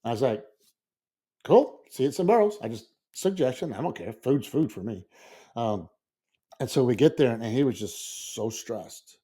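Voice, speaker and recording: A man's voice: medium pitch, lively intonation, normal speed, mellow, slightly rough. A middle-aged man telling a rambling story in casual podcast chat, acting out the quotes. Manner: rambling, repeats words, acts out quotes. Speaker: podcast co-host.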